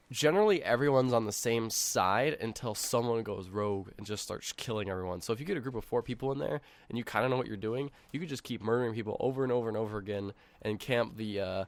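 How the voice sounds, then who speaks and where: A man co-hosting a casual online podcast, rambling at length and acting out other players' lines. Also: on the low side. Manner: rambling, fast, acts out other players' voices. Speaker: podcast co-host. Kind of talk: casual chat over an online call.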